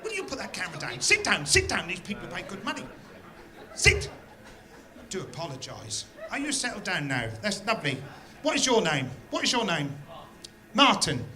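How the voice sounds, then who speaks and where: High-voiced man teasing a live crowd. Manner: teasing, chatty, mock-scolding. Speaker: singer and bandleader host. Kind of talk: live stage banter with the audience. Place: theatre on a pier, live show. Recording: live stage with loud big band.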